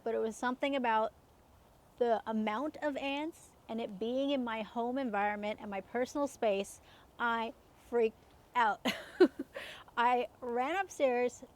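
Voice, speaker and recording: Chatty woman with a higher voice. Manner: chatty, laughs often, many fillers. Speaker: self-help coach. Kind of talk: casual personal storytelling.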